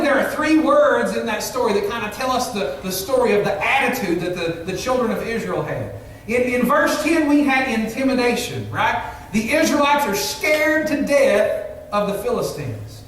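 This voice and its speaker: A man's voice: sits high, a bit bright, far from the mic, a little hiss or hum. A man preaching a sermon as pastor, earnest and emphatic, asking the congregation rhetorical questions. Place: church sanctuary. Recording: echoey church hall, mic from afar.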